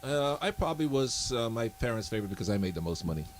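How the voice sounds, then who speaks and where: A man's voice: medium pitch, very animated, slight background noise. A man with three sons chatting casually on a radio show, teasing the others. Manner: teasing, quick. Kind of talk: casual on-air chat.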